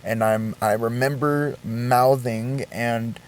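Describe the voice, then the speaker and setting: A young man vlogging a confessional story, shaken and halting, with swearing and frequent restarts. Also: medium pitch, fairly even intonation, slight background noise.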